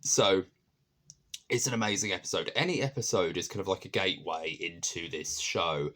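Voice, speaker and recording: A man's voice: sits low, moderate pace, bright, forceful tone. A man giving a casual spoken review of a TV episode, chatty and earnest, with many fillers and restarts.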